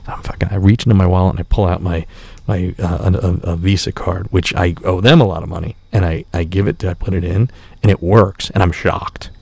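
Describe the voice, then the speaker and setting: A man's voice: low-pitched, fairly quick, gravelly, slightly rough, no room sound. A man telling a rambling, profane story on a podcast in a casual tone, acting out the people he quotes. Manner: profane, animated, acts out quotes. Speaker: podcast host.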